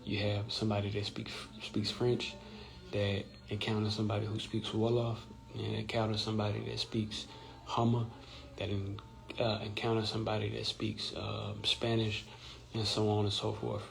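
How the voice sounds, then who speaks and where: Low, flat, gravelly man explaining. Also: moderate pace, faint music behind, poor audio. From Louisiana. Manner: explanatory, often checks in with "right?". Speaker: host. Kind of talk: informal live-stream talk. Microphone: phone or computer mic on a social-media live stream.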